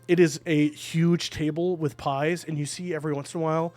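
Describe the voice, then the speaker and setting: A man's voice: a little high, fairly even intonation, brisk, a little mellow, no room sound, soft background music. A man narrating as game master of a tabletop game, casual and chatty with many fillers.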